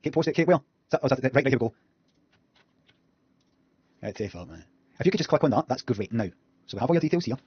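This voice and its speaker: A man's voice: mid-range voice, expressive, fast, long pauses, husky, dry recording, dull audio. A Scottish man streaming at his computer, reacting to videos with blunt, sweary, sardonic commentary. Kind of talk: casual live commentary. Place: indoors at a computer.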